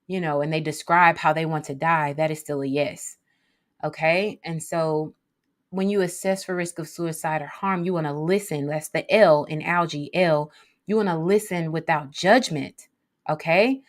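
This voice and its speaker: A woman giving an instructional talk on mental health support, often pausing to check in with listeners. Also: lowish voice, steady tone. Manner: checks in often with "okay?", acts out example phrases.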